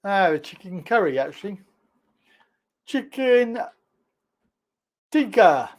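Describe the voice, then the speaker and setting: A man's voice: high-pitched, sing-song, slow. A man hosting a casual livestream chat, laid-back and teasing with his callers. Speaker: livestream host.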